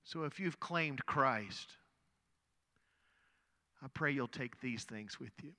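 Preaching slowly, a middle-aged pastor recounts a story with earnest, conversational warmth, often repeating words back to back. The big church hall gives his bright, forward, medium-pitched voice a long, ringing reverb.

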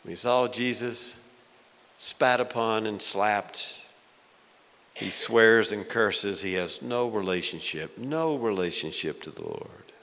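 A male pastor preaching a sermon in a church, dramatic and swinging between loud and hushed. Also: fairly low pitch, slow pace. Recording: long hall reverb.

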